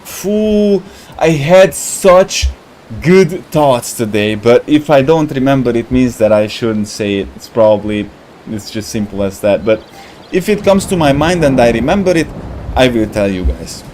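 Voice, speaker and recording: A man's voice: mid-range voice, animated, unhurried, darkish tone. A young man from Romania hosting a gaming livestream, chatting loosely with viewers, rambling, laughing often and groping for words. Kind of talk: casual chat with live viewers while playing.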